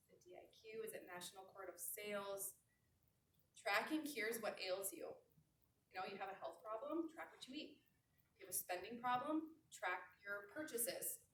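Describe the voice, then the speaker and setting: A woman in her thirties delivers a lively motivational training talk to a room of listeners. She leans on repetition and slows down for the lines she wants written down. Her handheld mic sits away from her mouth, so the voice sounds distant and roomy, with a faint hiss underneath. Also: mid-range voice. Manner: animated, repeats key phrases slowly. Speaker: sales trainer. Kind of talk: motivational talk to a live audience. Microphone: handheld mic held away from mouth.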